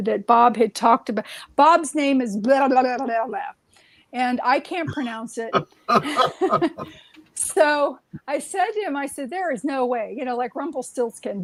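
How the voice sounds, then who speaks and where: A woman with a fairly high voice tells stories in a loose, rambling way, looping back with "um" and restarting her sentences. The sound is dry and close, with no room echo. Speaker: guest. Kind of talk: casual conversational storytelling.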